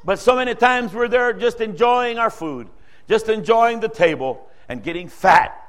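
A man preaching a sermon, telling a testimony story in an earnest, storytelling way, his voice rising and falling. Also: moderate pace. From Dutch-speaking background. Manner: earnest storytelling preacher, rises and drops in pitch and loudness.

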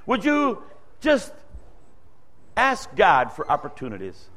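A man's voice: wildly swooping pitch, slow. A man preaching a sermon, telling a testimony story in an earnest, storytelling way, his voice rising and falling. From Dutch-speaking background. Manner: earnest storytelling preacher, rises and drops in pitch and loudness.

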